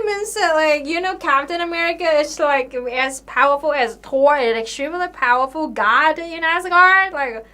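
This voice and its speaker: High-voiced young woman hosting a casual live stream. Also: moderate pace, few pauses, sharp tone. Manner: chatty, full of fillers, incredulous and sarcastic, swears. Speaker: livestream host answering viewer questions.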